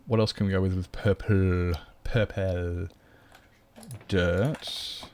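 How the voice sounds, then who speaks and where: A man's voice: deep voice, steady tone, slow pace, a little mellow. Rambling man streaming a game. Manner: rambling, chatty, greets viewers, talks to his cat. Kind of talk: casual live-stream chat.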